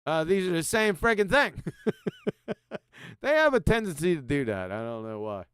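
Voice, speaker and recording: A combative, sarcastic man hosts a livestream, reading passages aloud and mocking them. His voice sits high and swoops animatedly, and it is recorded close and dry with no room sound. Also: sing-song, brisk, a bit bright, smooth, dry recording. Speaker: host.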